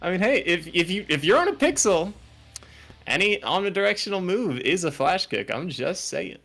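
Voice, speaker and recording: Bright, animated male esports caster. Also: high voice, gravelly, soft background music. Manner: excitable, joking, rapid technical call-outs. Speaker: fighting game commentator. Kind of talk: esports play-by-play commentary. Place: home setup, online broadcast.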